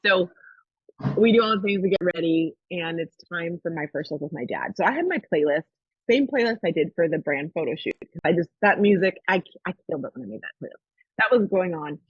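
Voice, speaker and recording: A female podcast host tells a personal story in casual chat, animated and acting out the quoted voices. Her voice is lowish, brisk and slightly rough, with dull audio and no room sound.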